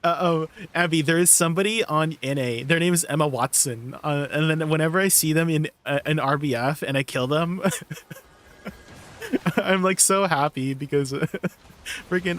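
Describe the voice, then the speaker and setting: Guy streaming and chatting w/ his chat, kinda high voice, laughs a lot, bit of hiss behind. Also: moderate pace, fairly bright tone. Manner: playful, laughs often, talks to chat. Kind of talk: casual live-stream chat with viewers.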